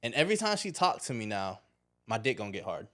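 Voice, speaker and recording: A man from Chicago with a Chicago accent, hosting a casual podcast chat in a blunt, profane, animated way. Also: lowish voice, fast talker. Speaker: podcast host.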